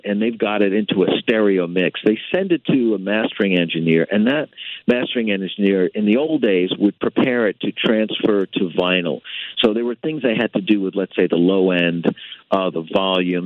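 A guitarist being interviewed, speaking thoughtfully with many fillers over a phone line. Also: male voice, on the low side, no room sound. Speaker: guitarist guest.

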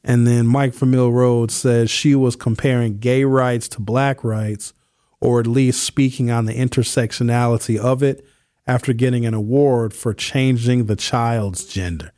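Animated radio talk show host, dry studio sound. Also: male voice, medium pitch, unhurried, no room sound. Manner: animated storytelling, slangy, reads listener texts. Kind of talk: casual talk radio monologue. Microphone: studio microphone.

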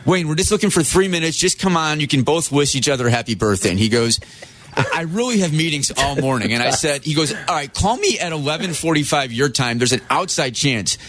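A man co-hosting on radio, racing through an anecdote in casual talk. His voice sits a touch high, and he tosses in quoted lines without slowing down. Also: animated, a bit bright, slight background noise. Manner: brisk, quoting others in a running story. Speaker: radio co-host.

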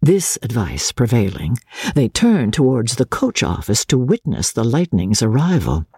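An audiobook reader narrating a classic novel in a theatrical, varied way with soft chuckles, close to the mic. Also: mid-range voice, big pitch swings, a little slow, breathy edge, dry recording.

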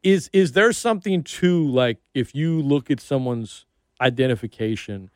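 A middle-aged man with an expressive, mid-range voice hosts a casual sports radio interview at a moderate pace, telling stories chattily and voicing the people he quotes. The radio-studio recording on a studio mic is clean, with no room sound.

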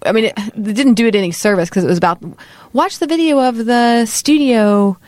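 A woman's voice: on the high side, expressive, a little fast, a little mellow, no room sound. A woman from West Texas co-hosting a podcast, chatting casually about a movie, with plenty of fillers and laughs. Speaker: podcast co-host. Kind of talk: casual chat reviewing a movie.

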